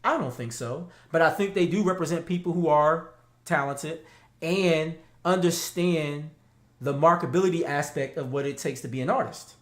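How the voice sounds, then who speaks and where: A man co-hosting a casual talk show, animated and slangy, laughing often. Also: a little high, moderate pace, echoey room. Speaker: podcast co-host. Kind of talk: casual chat.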